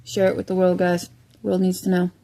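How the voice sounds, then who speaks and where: A woman's voice: fairly low pitch, monotone, brisk, warm tone. A woman commenting on a shared video, earnest and urgent as she calls on listeners to help. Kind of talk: casual commentary.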